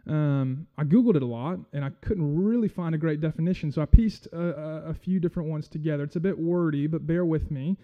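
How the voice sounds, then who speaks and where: Halting, self-deprecating male preacher. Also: on the high side, lo-fi sound. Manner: friendly, self-deprecating, halting with many fillers. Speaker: guest church speaker. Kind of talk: casual sermon.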